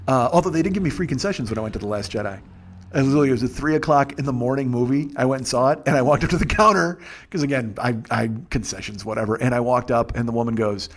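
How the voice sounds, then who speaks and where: A man's voice: mid-range voice, fast. A man in his forties hosting a podcast, ranting with lots of swearing, rambling with restarts and self-deprecating laughter. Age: 40s. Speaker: podcast host. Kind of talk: casual comedic monologue.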